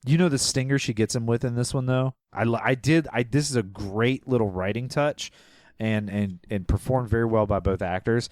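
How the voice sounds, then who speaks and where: A man's voice: medium pitch, moderate pace, a little mellow, no echo, clean studio sound. A man co-hosting a podcast, recapping a movie in casual chat, laughing often and acting out characters' lines. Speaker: podcast co-host.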